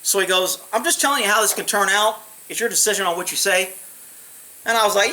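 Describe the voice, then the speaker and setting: A man's voice: high voice, normal speed, a little hiss or hum, low-quality recording. A former police officer telling his own stories in a casual monologue. He is blunt and profane, and he acts out the voices of the people in his stories. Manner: blunt, profane, animated retelling with acted quotes.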